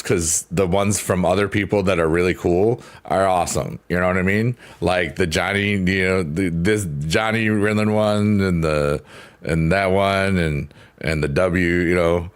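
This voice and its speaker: Deep-voiced man in rambling stream chat. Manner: rambling and playful, laughs often. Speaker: livestreamer. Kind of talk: casual chat with live viewers. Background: soft piano.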